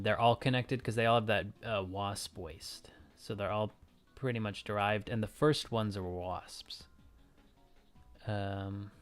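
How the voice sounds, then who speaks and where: A young man from Ontario, Canada, streaming and chatting casually with viewers, rambling and joking as he answers questions. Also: on the low side. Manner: rambling, self-interrupting, joking with chat. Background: faint music.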